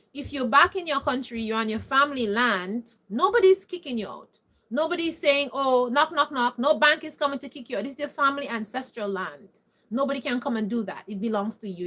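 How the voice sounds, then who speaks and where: A high-voiced Caribbean woman with a sharp tone vlogs an opinionated monologue to camera. She's emphatic and preachy, repeatedly asking rhetorical questions.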